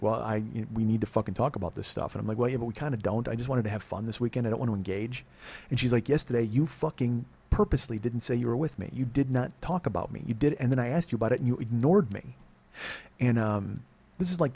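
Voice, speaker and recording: Fast-talking, profane storytelling man. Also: mid-range voice, warm tone, breathy edge. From California. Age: middle-aged. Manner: rambling, profane, self-interrupting storytelling. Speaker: podcast host. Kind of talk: confessional monologue.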